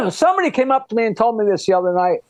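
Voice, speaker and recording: A comedian, a man, tells jokes in a relaxed chat with a strikingly high voice. He delivers the punchlines with animated relish and laughs at them himself. The sound is dry and close to the mic. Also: very fast, dry recording. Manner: animated joke teller who laughs at his own punchlines. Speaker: comedian guest. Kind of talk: casual chat, telling jokes.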